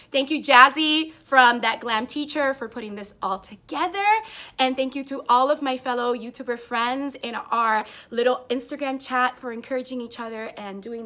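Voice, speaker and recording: Bright, high-pitched gushing woman vlogger. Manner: gushing, excitable, says like a lot. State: tearful, emotional. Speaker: teacher vlogger. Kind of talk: casual unboxing vlog.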